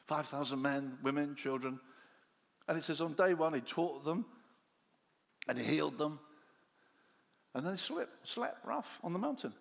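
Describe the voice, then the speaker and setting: A man preaching a sermon, telling the story in an animated way and acting out the disciples' voices, dropping to soft low tones for quiet lines. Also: vocal fry. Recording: long hall reverb.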